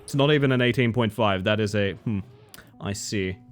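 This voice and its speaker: A man live-streaming a game, reading chat aloud and joking, swinging between excited yelps and low mutters. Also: normal speed, soft background music. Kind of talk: casual live-stream chat while gaming.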